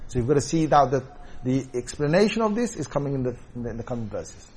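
A man's voice: mid-range voice, sing-song, fast talker, a little mellow, a little hiss or hum. A man teaching a scripture commentary lesson in an explanatory way, often checking in with his listeners. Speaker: religious teacher.

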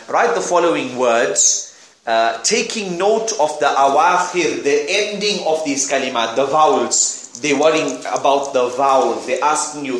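A man teaching an Arabic class in English, brisk and joking, sprinkling Arabic words as he corrects students. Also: mid-range voice, fairly bright tone, echoey room, rough recording. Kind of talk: classroom lesson, explaining and correcting.

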